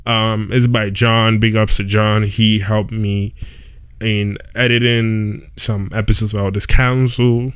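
A man's voice: fairly low pitch, clean tone, no room sound. A young man hosting a podcast, telling a story in a loose, chatty way, often checking in with "right?" and "yo". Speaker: podcast host. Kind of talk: casual storytelling monologue. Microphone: home setup with squeaky chair.

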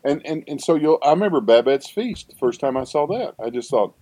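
A man's voice: medium pitch, expressive, fairly quick, few pauses, warm tone, no room sound. An older man, a seminary professor, talking in a rambling conversational interview with frequent restarts and asides.

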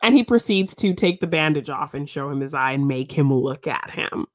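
A woman's voice: sits low, animated, normal speed, dry recording, clean studio sound. A woman co-hosting a casual film review podcast. She laughs often and talks with many fillers. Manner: giggly, lots of fillers. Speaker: podcast co-host.

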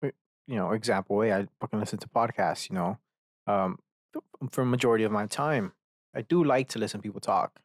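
A man's voice: lowish voice, brisk, no room sound, clean studio sound. A man hosting a solo podcast, rambling, swearing freely and breaking off to mock himself. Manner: rambling and profane, self-mocking asides. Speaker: podcast host.

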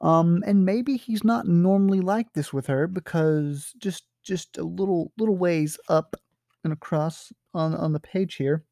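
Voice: mid-range voice, a little slow, gravelly, warm tone, no room sound, clean studio sound. A teacher explaining a short story in a casual, hesitant way, with many fillers and checks for understanding. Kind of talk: literature lesson, explaining a story.

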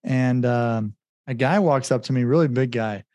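A man's voice: medium pitch, moderate pace, dark tone, no echo. A man talking as a podcast guest, telling a personal story in an earnest, casual way, with many "like" fillers and acted-out bits of remembered dialogue.

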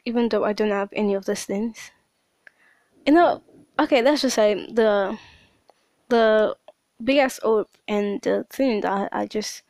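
A woman's voice: mid-range voice, a little mellow, no echo. A woman in her late teens hosting a podcast, talking through a rambling, emotional personal monologue. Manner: emotional, rambling, with frequent restarts. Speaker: podcast host.

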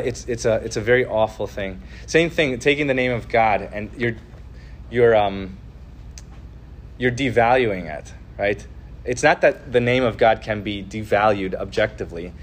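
A man's voice: medium pitch, animated, normal speed, slight background noise. Earnest man teaching with many restarts. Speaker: podcast host teaching on the Ten Commandments. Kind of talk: casual religious teaching.

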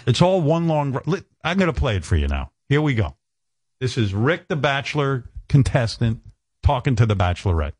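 A man's voice: mid-range voice, very animated, normal speed, darkish tone, slightly rough, no room sound, clean studio sound. An older man hosting a talk show, bantering crudely and mocking people with impressions. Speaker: radio show host.

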